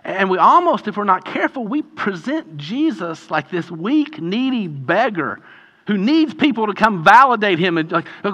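A man preaching a sermon in a conversational, animated way, often acting out quoted voices. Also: high voice, moderate pace. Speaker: pastor.

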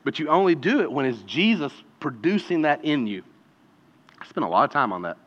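A man preaching in a bright, forceful voice that sits a bit high for a man. He keeps a chatty sermon tone and builds to emphatic peaks. The sound is dull and lo-fi, with a long reverb tail from a big hall. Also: very animated, a little fast. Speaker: pastor.

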